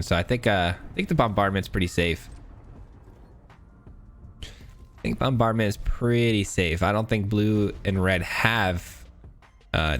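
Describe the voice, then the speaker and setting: A man's voice: sits low, a bit bright. A male gaming host with a stuffy nose, giving casual, chatty commentary while he plays and thinks aloud. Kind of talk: gameplay commentary.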